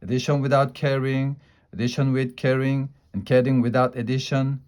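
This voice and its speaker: A man's voice: mid-range voice, flat delivery, normal speed, a little mellow, clean tone, close to an everyday voice. A firm, no-nonsense kindergarten teacher, put on by a man reading a storybook. She talks in a stern, clipped way. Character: strict kindergarten teacher, woman.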